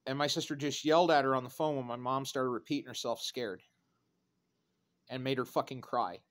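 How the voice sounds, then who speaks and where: A man in his thirties rambling through a profane, sardonic vlog rant with dark jokes. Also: mid-range voice, fairly even intonation, brisk. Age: 30s. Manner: sardonic, profane, darkly joking. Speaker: vlogger.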